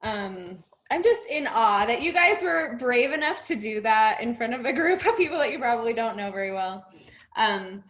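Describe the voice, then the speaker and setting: A woman's voice: on the high side, lively intonation, moderate pace, a bit bright, low-quality recording. A woman leading a group mindset session over a video call, encouraging and emotional, laughing often.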